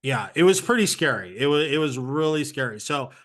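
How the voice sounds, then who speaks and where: A man's voice: fairly high pitch, animated, fairly quick, a bit bright. A man speaking as an interview guest, telling his story in an earnest, conversational way with plenty of fillers. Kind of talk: candid personal story.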